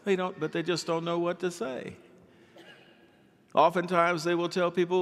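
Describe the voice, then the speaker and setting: A male pastor preaching a sermon in an animated way, acting out the people he quotes. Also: high voice, measured pace, pauses often, long reverb tail.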